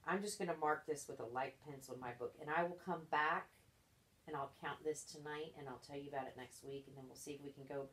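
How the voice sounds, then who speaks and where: A woman's voice: low-pitched, steady tone, fast, a bit bright. A woman tutoring a child in reading one-on-one, patient and encouraging, explaining each step.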